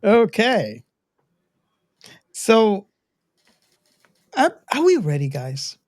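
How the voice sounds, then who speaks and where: A man's voice: high-pitched, sing-song, drawn-out words, darkish tone. A man hosting a podcast in casual chat, hesitant and repeating his words. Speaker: podcast host leading the segment.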